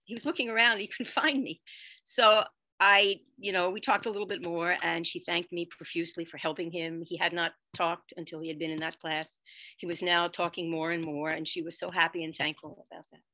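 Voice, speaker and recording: Woman storyteller, bright and forward tone, dry close sound, expressive delivery. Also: lowish voice, fairly quick, no echo. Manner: expressive, dramatic swings in loudness. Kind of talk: storytelling performance.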